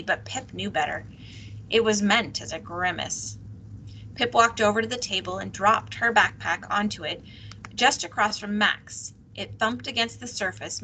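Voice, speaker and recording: A woman teacher reading a novel aloud, steady and expressive. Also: mid-range voice, slight background noise, rough recording.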